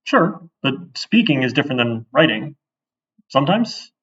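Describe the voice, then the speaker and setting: A man's voice: mid-range voice, big pitch swings, normal speed, fairly bright tone, breathy edge. A man teaching a programming class, talking casually as he codes and often checking in with "right?". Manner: conversational, thinks aloud, often asks "right?". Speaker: programming instructor. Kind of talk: casual live-coding lecture. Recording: distant, dull classroom recording.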